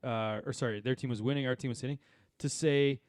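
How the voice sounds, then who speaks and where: A man, co-hosting a podcast and telling animated, rambling stories full of fillers and asides. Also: mid-range voice, fast, smooth, no room sound. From Saskatchewan, Canada. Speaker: podcast co-host. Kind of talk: casual chat.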